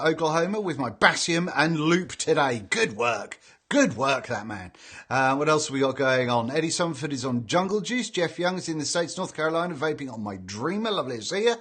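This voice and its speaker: A cheerful British man hosting a live stream, reading out viewers' names and greetings in a relaxed, chatty way. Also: a little high, slightly rough. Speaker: livestream host reading chat. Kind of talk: casual live chat.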